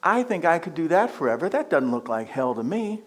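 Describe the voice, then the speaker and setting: A man's voice: a little high, big pitch swings, brisk, pitched above the performer's own voice. A man voicing a little old man in a joke, sounding puzzled and amused.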